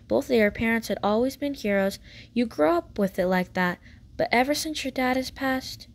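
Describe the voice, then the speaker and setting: A woman narrating a fanfic story with a gentle, even reading style. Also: fairly high pitch. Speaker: fanfic reader.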